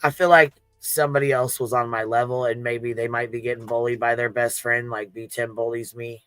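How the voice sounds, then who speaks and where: A man's voice: medium pitch, little pitch movement, fairly quick, a bit bright, clear, resonant tone, dry recording, soft background music. A man hosting a casual livestream, laughing often and swearing freely as he reads chat. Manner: profane, laughing, banter with chat. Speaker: livestream host.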